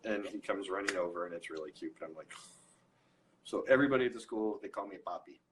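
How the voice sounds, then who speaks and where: A man chatting as a guest on a live video interview, telling funny stories in an animated way. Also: low-pitched, quick pace, slight background noise, rough recording. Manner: animated storyteller, self-deprecating jokes. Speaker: interview guest, recipe creator. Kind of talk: casual chat on a live stream. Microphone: phone or computer mic on a video call.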